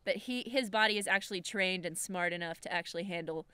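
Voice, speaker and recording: A woman's voice: fairly low pitch, quick pace, bright, forceful tone, clean tone, no echo. A woman co-hosting a comedy podcast, giggly and playful, rambling with lots of "like.". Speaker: podcast co-host. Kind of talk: casual comedic podcast chat.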